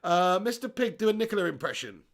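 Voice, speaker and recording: Animated gravelly man streaming football. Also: sits high, fast talker. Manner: jokey, swears, laughs often, reads chat aloud. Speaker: football watch-along streamer. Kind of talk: casual live match commentary and chat.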